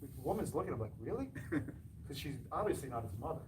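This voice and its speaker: A martial arts school owner speaks to a live audience, spinning animated anecdotes and playing every part in the dialogue himself. His voice sits at a medium pitch. The mic picks him up from some distance, with plain room noise underneath. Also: very fast. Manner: animated anecdotes, acting out quoted dialogue with laughs. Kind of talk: storytelling talk to an audience.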